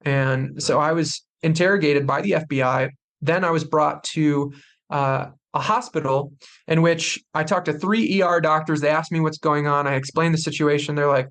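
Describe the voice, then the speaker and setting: On a podcast, a young guest with a fairly high voice speaks at normal speed as he intensely recounts something that happened to him. He animates the retelling by acting out other people's lines.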